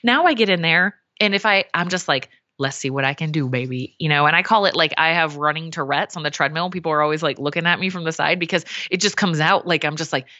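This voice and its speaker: Low-voiced woman, animated podcast guest. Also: quick pace, few pauses, no room sound, highs cut off. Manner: animated, acts out her own inner voices. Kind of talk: casual podcast conversation.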